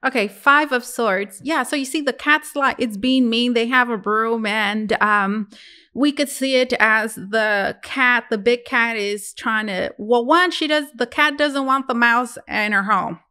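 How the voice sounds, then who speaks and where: Chatty, bright-voiced woman tarot reader. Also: a little high, unhurried, clear, resonant tone. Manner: musing, chatty, addresses viewers as guys. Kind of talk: casual tarot reading to viewers.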